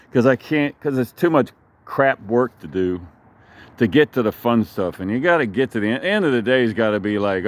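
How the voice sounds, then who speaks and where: A man telling a long, meandering story in a casual vlog, cursing freely and drifting from one thought to the next. He speaks outdoors in his backyard. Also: mid-range voice. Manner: rambling, profane, digressive storytelling.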